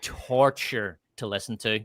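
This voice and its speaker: Casting: northern Irish man, blunt and profane, forceful bright voice, dry close sound. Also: lowish voice, steady tone, unhurried, no echo. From north of Ireland. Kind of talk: casual opinionated chat.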